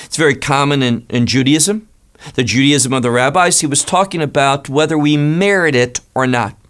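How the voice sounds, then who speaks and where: A man's voice: mid-range voice, moderate pace, fairly bright tone, clean tone. A man preaching a Bible lesson in an emphatic teaching style, with frequent restarts. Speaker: pastor.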